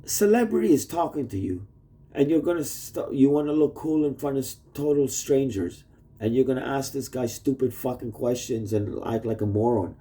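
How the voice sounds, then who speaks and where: A man's voice: mid-range voice, lively intonation, normal speed, warm tone. A man rambling through a cursing, topic-hopping video message to his wife, indoors at home. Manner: rambling, profane, jumps between topics. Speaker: vlogger. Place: indoors, shared home with sleeping roommates.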